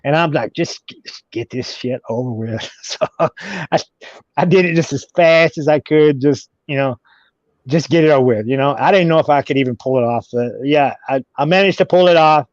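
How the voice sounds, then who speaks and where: A man telling a long story as an interview guest, halting and repeating himself as he goes. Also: on the high side, no echo. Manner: halting, repeats words and restarts. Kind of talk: casual storytelling. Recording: dull, dry audio.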